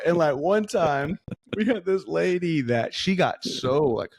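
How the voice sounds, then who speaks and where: A man's voice: on the high side, measured pace, creaky, no room sound. A man telling stories in a casual podcast chat, acting out the voices as he goes. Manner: animated storyteller, acts out voices.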